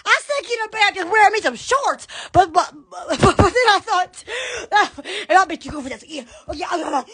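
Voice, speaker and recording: A woman's voice: extremely high pitch, lively intonation, a little fast, a bit bright. A woman with a Southern US accent hosting a silly phone livestream, giddy and laughing, full of squeals and exclamations. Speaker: livestream host. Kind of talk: silly livestream chat with face filters. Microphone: phone held close.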